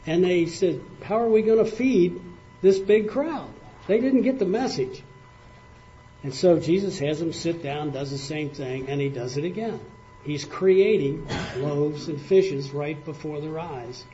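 A man's voice: on the high side, a little slow, mellow. An older man preaching a folksy sermon, telling stories in a plainspoken, conversational way with spoken fillers. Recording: muffled lo-fi recording with faint hiss.

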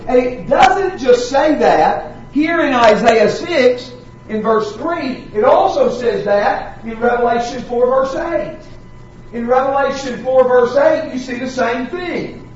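A man preaching a sermon, slowing down to stress repeated words with dramatic weight. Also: very high-pitched, lively intonation, a little hiss or hum. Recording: echoey hall, distant mic, dull sound.

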